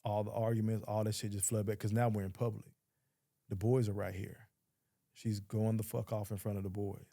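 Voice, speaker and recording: A man with a low, gravelly voice sits down as a podcast guest and tells his story. His tone is dark and mellow, and he talks bluntly, swears freely and acts out what other people said. The sound is close and dry. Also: little pitch movement, brisk, no room sound. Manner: blunt, profane, quotes others in dialogue. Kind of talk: casual storytelling.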